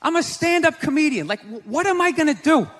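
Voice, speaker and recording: A male stand-up comedian ranting loudly with mock outrage in a live set. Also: extremely high pitch, expressive, brisk. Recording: live concert hall with crowd noise.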